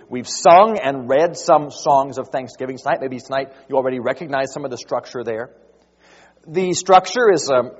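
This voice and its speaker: A man preaching a sermon, rising to loud, drawn-out emphasis as he quotes scripture. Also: sits high, long reverb tail, highs cut off. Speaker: pastor.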